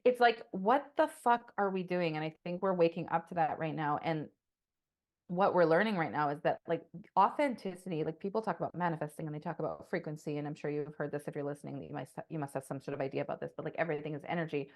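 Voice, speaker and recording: A woman's voice: deep voice, fairly even intonation, fast. A woman co-hosting a podcast, talking in a passionate, rambling way, swearing often and saying "like" a lot. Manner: passionate, profane, rambling with many "like"s. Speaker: podcast co-host. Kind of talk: casual podcast monologue.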